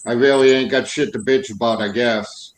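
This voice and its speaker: A man's voice: medium pitch, steady tone, moderate pace, roomy sound, low-quality recording. A man in casual chat about being a veteran, easygoing and profane, often tagging lines with "man". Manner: laid-back, swears, says "man" a lot. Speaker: veteran caller.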